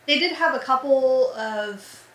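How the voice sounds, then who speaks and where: Emphatic woman, bright, echoey and distant. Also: high-pitched, a little slow. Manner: opinionated, emphatic. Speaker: podcast co-host. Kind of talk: casual movie-review chat. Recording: echoey room, far from mic.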